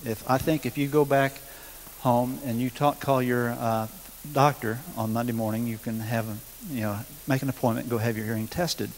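A man's voice: mid-range voice, fairly even intonation, moderate pace. Folksy man in a hall. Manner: folksy, hesitant storytelling with many "uh"s and chuckles. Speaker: guest minister sharing testimony. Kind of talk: testimony talk at a church seminar. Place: school hall. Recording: long hall reverb, hiss.

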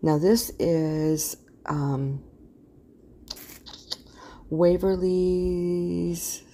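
Low, gravelly woman narrating a craft tutorial. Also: level tone, very slow, dark tone. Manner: rambling, loses words, yawns while talking. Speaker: craft channel host. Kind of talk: casual craft tutorial voice-over.

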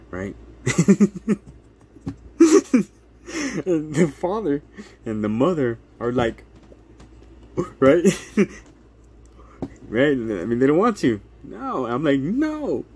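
A man telling a story to his viewers in a casual, animated way, acting out what people said, laughing often and checking in with "right?" after almost every line. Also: medium pitch, a little hiss or hum. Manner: animated retelling, acts out quotes, laughs often, keeps asking "right?". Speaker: channel host telling a court story.

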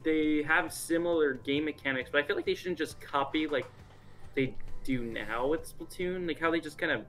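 A young man chatting casually about game predictions, excitable and rambling. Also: on the high side, moderate pace, faint music behind. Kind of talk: casual gaming chat.

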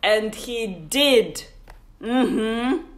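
A Russian English teacher playfully reads a picture book aloud to young children, adding sound effects and whispers. Her slightly high voice has lively intonation and is extremely slow, picked up by a phone on a livestream.

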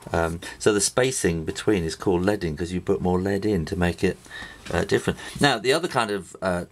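Low gravelly English man teaching drawing. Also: a little fast. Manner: rambling, with many fillers and restarts while drawing. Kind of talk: casual drawing tutorial. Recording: faint noise with pen and writing sounds.

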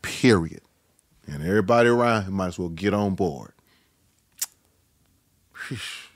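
Male co-host, deep and husky, emphatic casual talk. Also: expressive, measured pace. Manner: emphatic, repeats phrases. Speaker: podcast co-host. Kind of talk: casual chat.

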